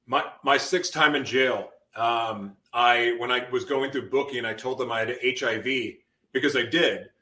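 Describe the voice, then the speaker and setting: A man's voice: medium pitch, measured pace, few pauses, sharp tone. A man guest on a podcast, giving an intense personal testimony and acting out his past outbursts as he tells it.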